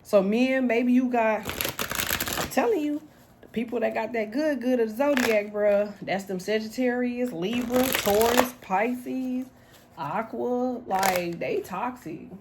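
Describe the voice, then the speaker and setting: A woman's voice: on the high side, slow, noisy background. Blunt, slangy woman reading tarot. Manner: blunt, slangy, animated, laughs often. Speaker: tarot reader. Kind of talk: casual tarot reading to camera.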